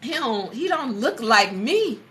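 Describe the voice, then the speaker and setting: A woman's voice: big pitch swings, a little slow, a bit bright. A woman voicing a suspicious father who stammers in disbelief over his newborn. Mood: incredulous. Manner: high, stammering, incredulous. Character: suspicious, shocked young father.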